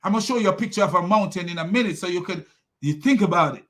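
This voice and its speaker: A man's voice: high-pitched, very fast, a bit bright. A man hosting a critical commentary, talking in a mocking tone, laughing often and restarting his sentences. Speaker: host.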